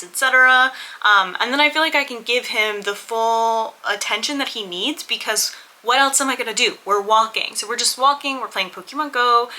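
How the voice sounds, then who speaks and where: Woman vlogger, very bright tone, candid and rambling, casual chat to camera. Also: a little high, low-quality recording. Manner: candid, rambling, self-deprecating.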